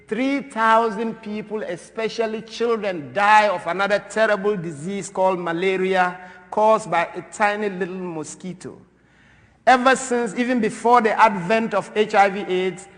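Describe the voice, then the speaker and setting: Guy from ghana speaking in a big church, pretty high voice, goes loud then soft, lots of echo. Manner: animated, swings from loud to soft. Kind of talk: impassioned talk. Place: large church. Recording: long reverb of a large church.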